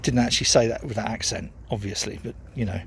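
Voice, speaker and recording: A man's voice: lowish voice, steady tone, quick pace, breathy edge. Rambling, sweary man. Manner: rambling, swears freely, self-mocking. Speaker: home brewer vlogger. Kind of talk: casual rambling vlog chat.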